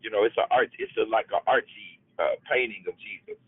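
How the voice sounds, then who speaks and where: A man's voice: lowish voice, expressive, a little fast, husky, no echo. A man from Chicago, a pastor hosting a call-in line, answering callers with short affirmations over the phone. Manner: brief warm affirmations like "come on" and "amen". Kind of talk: casual chat on a call. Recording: dry tinny phone line.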